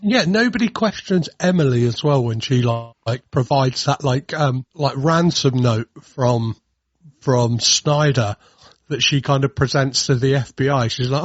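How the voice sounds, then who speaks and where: A man hosting a podcast, chatting casually with lively restarts and stammers, slipping into mocking silly voices. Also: mid-range voice, unhurried, dry recording, dull audio. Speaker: podcast host. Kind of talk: casual chat.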